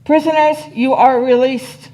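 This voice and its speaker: A woman voicing a cold, commanding Dalek war machine in a live fan radio play, barking flat orders. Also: high voice, a little slow, rough recording.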